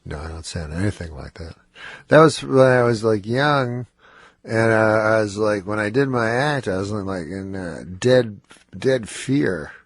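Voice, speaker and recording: Guest comedian, male, deep nasal rasp, dry, halting and breathless. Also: animated, no echo. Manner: low, slurring and breathless, dry halting delivery. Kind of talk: casual radio interview. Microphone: studio microphone.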